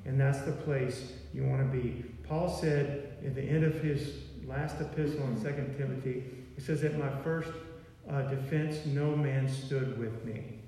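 A man's voice: medium pitch, fairly even intonation, measured pace, hardly any pauses, dark tone. A man preaching a sermon in a folksy, conversational way, with "okay" and "y'all" sprinkled in. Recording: far from mic in an echoey hall.

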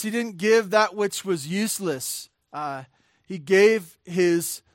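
A man's voice: on the high side, fairly bright tone, no echo, clean studio sound. A man preaching a sermon in a conversational style, with many fillers and restarts, building to emphatic points. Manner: rises to emphatic bursts on key points. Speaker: pastor.

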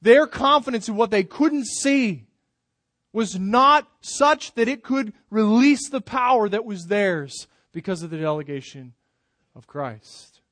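Pastor, male, higher voice, sermon delivery, loud build-ups that sink to quiet endings, dry close sound. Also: expressive, measured pace, no room sound. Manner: emphatic preaching, swells loud then drops soft.

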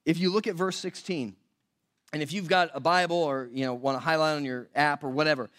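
A man's voice: a little high, steady tone, a little fast, fairly bright tone. A man preaching a sermon as pastor in a church, talking conversationally, asking rhetorical questions and correcting himself aloud.

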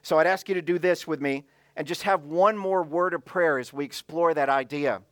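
A man's voice: a little high, moderate pace, no room sound. A man preaching a sermon as pastor, telling a personal story and asking the congregation questions. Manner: storytelling, asks the audience questions.

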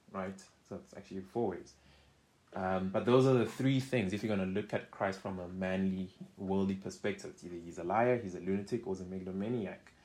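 A man's voice: sits low, warm tone. A man teaching a Bible study, reading scripture aloud with rising emphasis and often checking in with "right?". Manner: conversational, keeps checking in with "right?".

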